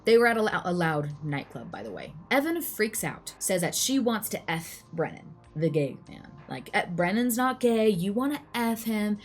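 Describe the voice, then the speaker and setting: A young adult woman casually retelling a true crime case to her viewers, chatty and full of "like" and "you know" asides. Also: lowish voice.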